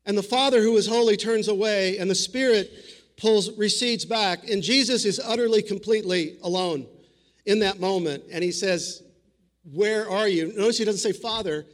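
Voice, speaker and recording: A man's voice: high-pitched, moderate pace. A man preaching a sermon in an earnest, conversational way, often restarting his sentences. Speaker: pastor.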